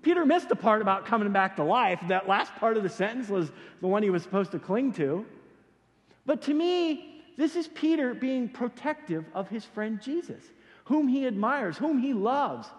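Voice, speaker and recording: Male pastor, high and very expressive voice, casual animated sermon, long hall reverb. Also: moderate pace. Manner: casual, animated storytelling with slangy asides.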